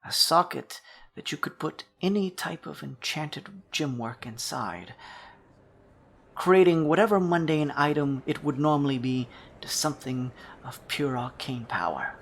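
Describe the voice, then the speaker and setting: A man voicing a sly male jeweler shopkeeper with a gem for an eye, speaking in a hushed, confiding way that often drops to a whisper. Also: fairly high pitch, unhurried, gravelly, full character voice. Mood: scheming.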